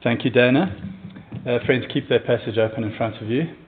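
A man's voice: medium pitch, a little fast, narrow, tinny audio, slight background noise. A man preaching a sermon in a church as pastor, in an earnest, conversational manner with hesitations.

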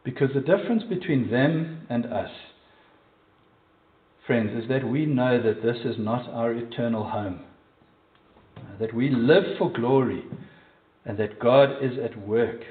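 A man's voice: medium pitch, unhurried, pauses often. A man with a South African accent preaching a sermon, emphatic and putting direct questions to the congregation. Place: church. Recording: echoey, distant, phone-like sound.

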